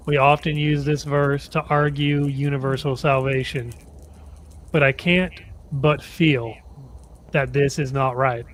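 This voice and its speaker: A man reads a devotional passage at an unhurried pace, keeping his pitch steady and even. His delivery is gentle and measured. A clear hiss of background noise runs under the voice. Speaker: reader of a devotional text. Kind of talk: slow careful devotional reading.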